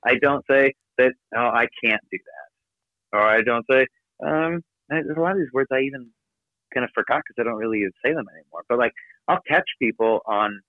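A man giving an energetic, emphatic motivational talk from his office as a podcast guest. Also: mid-range voice, no room sound. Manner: energetic, emphatic, rapid coaching delivery. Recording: dry, phone-like narrow sound.

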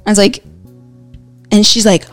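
A woman's voice: medium pitch, flat delivery, normal speed, faint music behind. A woman telling her side of a story in an emphatic, emotional way. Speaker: guest. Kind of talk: casual storytelling.

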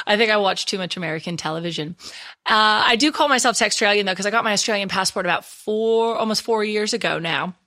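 A woman's voice: medium pitch, fairly quick, sharp tone. A woman in her forties with a Texan accent, a social media strategist chatting as a podcast guest in an upbeat, emphatic way. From Texas. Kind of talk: podcast interview.

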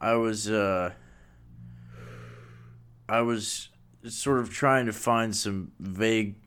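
A man co-hosting a podcast, joking in a slow drawl and laughing often. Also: on the low side, fairly even intonation, a bit bright, clear, resonant tone. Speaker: podcast co-host. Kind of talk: joking banter.

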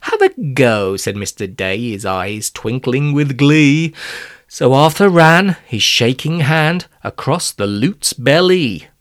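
A man's voice: medium pitch, takes it slowly, dry recording, clean studio sound. A man narrating a rhyming children's storybook aloud. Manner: lively rhyming read-aloud, voicing every character. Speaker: narrator and author-reader.

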